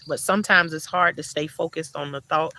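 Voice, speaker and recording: A woman's voice: deep voice, moderate pace, creaky, sharp tone. A woman hosting a casual livestream outdoors in her yard garden, chatty, laughing often and repeating herself, then turning encouraging toward her viewers. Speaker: livestream host.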